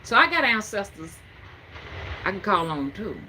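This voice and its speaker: A Southern woman over fifty talks to camera as a spiritual reader, folksy and emphatic. Her bright voice swings widely in pitch and moves at an unhurried pace. A faint noise sits under her voice. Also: sing-song. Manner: folksy, emphatic, preaching cadence. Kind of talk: casual talk to camera.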